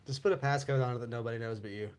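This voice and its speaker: Chill guy, average pitch, says yeah a lot, dry jokes, casual podcast talk. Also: steady tone, racing, darkish tone, slight background noise. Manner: laid-back, short agreeing replies and dry quips. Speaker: podcast co-host. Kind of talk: casual live podcast banter.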